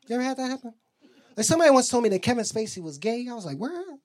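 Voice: medium pitch, animated, racing. A stand-up comedian doing a loose, rambling set that drops into mutters.

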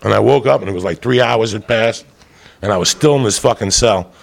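A man doing stand-up, telling a loud, profane, rambunctious story to a live audience. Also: lowish voice, fairly quick, gravelly. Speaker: stand-up comedian. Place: stage before a live audience.

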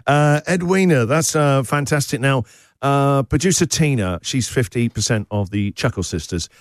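A man's voice: medium pitch, lively intonation, normal speed, no echo, clean studio sound. A man hosting a radio breakfast show, reading out listener messages and teasing his co-hosts with a laugh. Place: radio studio.

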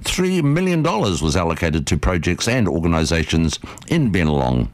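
A man reading a local radio news bulletin in a brisk, measured way, with a distinctive accent. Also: low-pitched, very animated, no echo. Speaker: local newsreader.

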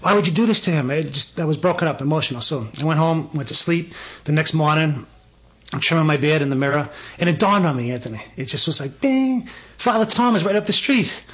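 A man's voice: a little high, brisk, slightly rough. A man, telling a faith story as a guest and eagerly acting out what people said. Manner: excited, animated storyteller acting out dialogue. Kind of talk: testimony storytelling.

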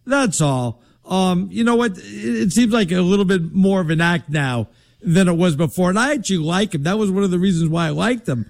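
Man, sports talk host, brash, emphatic, mocking, slightly high voice. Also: a little fast, gravelly. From Connecticut. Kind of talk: casual sports debate.

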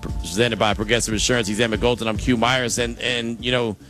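A male sports radio host with a bright, forceful voice, chatting casually into a studio microphone. He thinks out loud as he talks and sometimes repeats a word before carrying on. His pitch sits in the middle range for a man. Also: flat delivery, a little fast, faint music behind. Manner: conversational, thinks aloud with repeated words.

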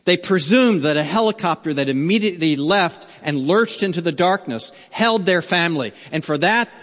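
A man preaching a sermon as a pastor, telling a story slowly and earnestly, sometimes dropping to a near hush. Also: on the high side, animated. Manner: slow, earnest storytelling with wide swings in loudness. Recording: long hall reverb.

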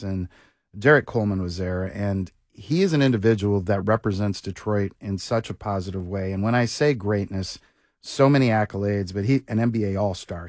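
Male talk host, low voice, admiring and loose, dry studio. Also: dry recording. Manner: warm, admiring, with fillers. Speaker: radio host. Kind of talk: radio talk show interview.

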